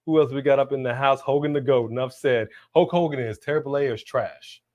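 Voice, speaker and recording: A man co-hosting a live wrestling watch-along stream, chatting casually, slangy and animated as he reads out viewer messages. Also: mid-range voice, a little fast.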